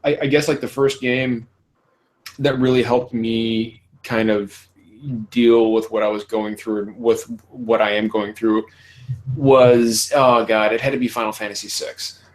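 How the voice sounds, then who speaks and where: A man's voice: mid-range voice, little pitch movement, unhurried, low-quality recording. A man in his thirties hosting a podcast, talking candidly with frequent swearing and laughter. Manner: candid, profane, laughs often. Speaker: podcast host. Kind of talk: casual podcast conversation.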